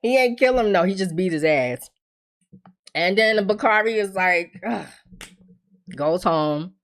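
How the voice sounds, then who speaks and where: A woman's voice: medium pitch, animated, unhurried. A woman giving a casual, blunt, profane recap of a TV episode, acting out the characters' lines as she goes.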